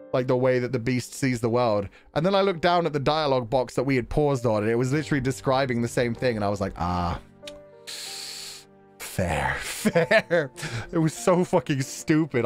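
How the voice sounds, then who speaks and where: A man chatting casually on a livestream, reading chat messages, laughing often and poking fun at himself. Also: medium pitch. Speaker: game streamer reading chat.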